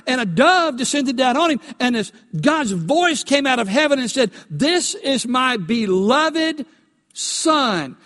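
A male pastor preaching a sermon. He builds to emphatic, almost shouted peaks and asks the congregation questions. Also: high voice, in a large hall. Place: church sanctuary.

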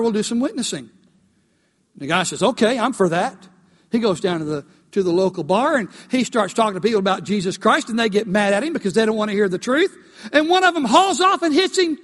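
A male pastor preaching a sermon, emphatic and animated, rising to loud peaks as he tells a story. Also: high-pitched. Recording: long hall reverb.

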